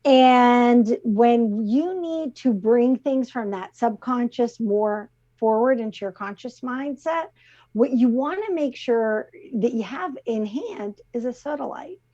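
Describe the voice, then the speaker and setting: A middle-aged woman co-hosting a talk show, chatting easily and laughing often as she gently explains things over a video call. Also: on the high side, lively intonation, slow. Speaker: co-host presenting the crystal of the week. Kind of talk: casual chat. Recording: slightly muffled call audio.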